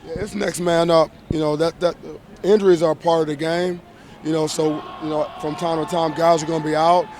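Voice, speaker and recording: This man, a college football head coach, answers the press after a game with measured emphasis, often circling back to restart or repeat himself. He has a higher-pitched voice with little pitch movement and a slightly mellow quality.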